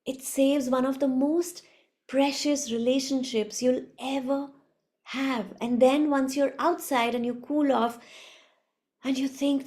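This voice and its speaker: A woman giving a reflective spiritual talk as a teacher, soft-spoken and unhurried. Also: sits high, steady tone.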